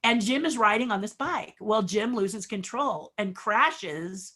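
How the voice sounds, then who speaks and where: An older woman, an animated storyteller, talking as a guest in an interview. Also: mid-range voice, a little slow. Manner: animated storyteller, acts out quotes.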